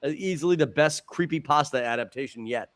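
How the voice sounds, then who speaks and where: A man chats on a podcast in a slightly high voice. He swears freely and tells stories with animated energy, often repeating words as he goes. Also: brisk. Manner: profane, animated storyteller who repeats words. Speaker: podcast co-host. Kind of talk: casual podcast chat.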